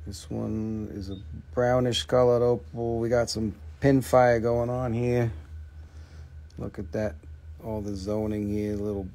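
A warm, fairly low male voice belongs to a live-stream host selling minerals. He banters and jokes casually as he displays stones and names their prices.

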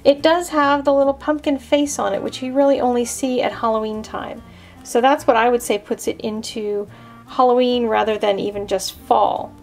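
Woman, craft tutorial host, chatty, step-by-step explaining, fairly high voice, faint music behind. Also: steady tone, moderate pace. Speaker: card-making host.

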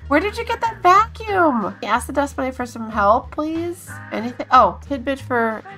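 A woman giving casual let's-play commentary, chatting to her game characters, coaxing and scolding them with sudden excited exclamations. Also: sits high, normal speed, music in the background. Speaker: gaming channel host.

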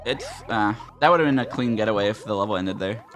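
A man narrates his gameplay in a bright, forceful voice, swearing at the other players. His exasperation shows in every line. Faint game music plays behind him. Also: fairly low pitch, quick pace. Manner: frustrated, profane, exasperated muttering at other players. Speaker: gaming YouTuber. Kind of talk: gameplay commentary.

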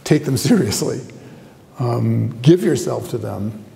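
A man's voice: mid-range voice, lively intonation, slow pace, gravelly, warm tone. Man lecturing in a reverberant hall. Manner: conversational, asks the audience questions. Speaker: guest lecturer, theology professor. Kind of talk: university lecture. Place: lecture hall with a live audience.

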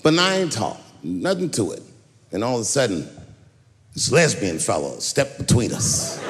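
Brash, lively man doing stand-up. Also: mid-range voice, moderate pace. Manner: brash, profane storytelling with swings into shouting. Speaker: stand-up comedian. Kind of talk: stand-up comedy routine. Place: large stage in a venue with an audience. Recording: live venue with long reverb and audience noise.

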